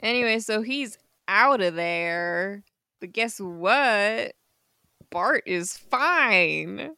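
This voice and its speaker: A woman's voice: mid-range voice, lively intonation, extremely slow, pushed and bright, clear, resonant tone, no room sound. A woman co-hosting a podcast, recapping a comic in casual chat with unsure asides and easy laughs. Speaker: podcast co-host.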